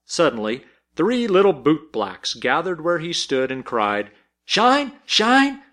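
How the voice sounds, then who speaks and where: Male narrator, storybook reading, expressive, measured, slightly high pitch, animated delivery.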